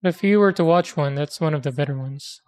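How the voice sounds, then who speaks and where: A woman's voice: low-pitched, fast, a little mellow. A woman in casual chat who rambles, hesitates and corrects herself as she talks. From immigrant to America.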